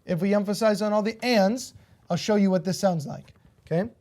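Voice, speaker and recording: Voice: mid-range voice, fairly quick, a little mellow. A guitar teacher giving a beginner lesson, counting beats aloud and cheering students on with frequent "okay?" checks. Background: acoustic guitar strumming.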